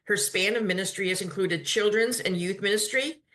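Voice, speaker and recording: A woman's voice: mid-range voice, moderate pace, fairly bright tone. A woman hosting a webinar, welcoming the audience and giving a formal introduction of the guest speaker. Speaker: webinar host.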